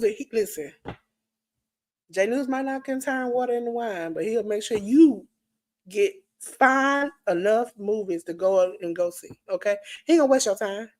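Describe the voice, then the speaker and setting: A woman co-host closes out a live-streamed podcast with playful hype, jumping between loud bursts and quiet asides. Her voice is going hoarse from the show. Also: a little high. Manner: hyped, playful, swings from loud to soft. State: losing her voice.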